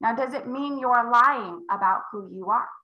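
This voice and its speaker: A woman sales coach leading a live call, emphatic and acting out client conversations with big swings in pitch. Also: moderate pace, echoey room, highs cut off. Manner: emphatic, role-plays client dialogue with big pitch jumps. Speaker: real estate sales coach.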